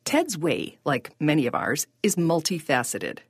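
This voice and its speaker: A woman narrating a podcast in a measured, scripted storytelling voice. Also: low voice, big pitch swings, slightly rough, no room sound.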